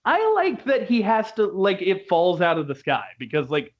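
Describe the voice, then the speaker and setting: A man's voice: high voice, huge pitch swings, normal speed. A young man reviewing a musical in casual chat, laughing often and quoting lines in put-on voices. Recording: dull lo-fi recording.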